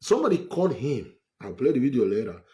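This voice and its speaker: Heated Nigerian man, lively pitch. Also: fast. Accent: Nigerian, with Pidgin phrases. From Edo State, Nigeria. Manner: heated, emphatic, repetitive. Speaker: vlogger. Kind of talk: political rant to camera.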